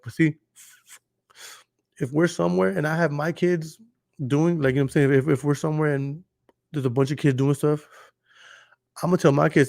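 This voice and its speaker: A man's voice: on the high side, fast talker, dry recording, studio quality. A young man from Dallas, hosting a podcast in casual chat, telling stories with lots of swearing and acting out what people said. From Dallas, Texas. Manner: animated storytelling, profane, acts out quotes. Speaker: podcast host.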